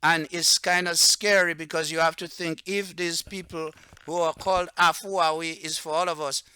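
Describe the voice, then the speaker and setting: Man with Patois roots, self-styled religious leader, off-the-cuff monologue; smooth, dry close-mic sound. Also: a little high, steady tone, bright, forceful tone, dry recording. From Dominica. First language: Antillean Creole (Patois). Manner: rambling, repeats "okay?" and "right?", turns heated and slower when stressing points. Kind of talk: unscripted monologue to camera.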